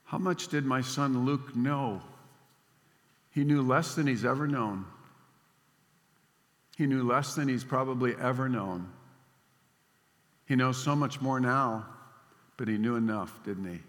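An older man preaching a sermon in a storytelling manner, swinging between emphatic lines and hushed ones. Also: medium pitch, measured pace, pauses often. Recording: long hall reverb.

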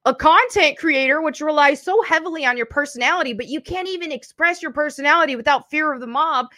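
A woman's voice: sits high, fast talker, sharp tone, dry recording. A woman in her thirties, a content creator speaking candidly as a guest on a casual interview podcast and laughing often.

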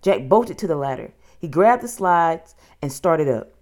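A woman reading a children's book aloud, with steady, expressive storytelling. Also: deep voice, unhurried.

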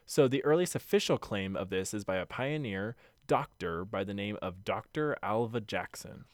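A man's voice: fairly low pitch, lively intonation, normal speed, no room sound, studio quality. A young adult man hosting a podcast in casual chat, joking crudely and laughing often. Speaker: podcast host.

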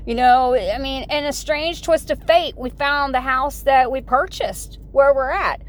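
Woman, forties, slightly high voice, folksy, rambling, casual vlog talk. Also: measured pace. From United States. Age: 40s. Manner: chatty, folksy, full of "you know" fillers and asides. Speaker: vlogger.

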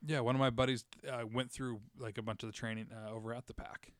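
A man hosting a podcast in casual chat, talking fast with frequent stammers and restarts. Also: medium pitch, level tone, dry recording, clean studio sound. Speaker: podcast host.

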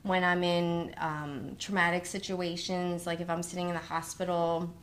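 A woman who teaches kindergarten, telling stories in a casual conversation and talking with animated swings in pitch. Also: a little hiss or hum. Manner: animated storyteller, quick rises in pitch.

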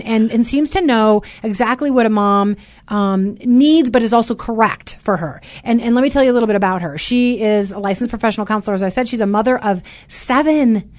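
Loud, chatty woman hosting talk radio. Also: on the high side, dry recording. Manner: loud and chatty, says so herself. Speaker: radio show host. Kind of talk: casual talk radio chat. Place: radio studio.

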